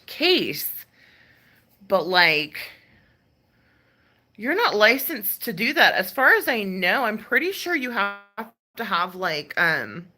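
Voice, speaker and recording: Lively, bright-voiced woman ranting. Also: mid-range voice, slow. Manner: exasperated, swearing, many fillers and sighs. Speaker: ASMR creator ranting on a live stream. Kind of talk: casual rant.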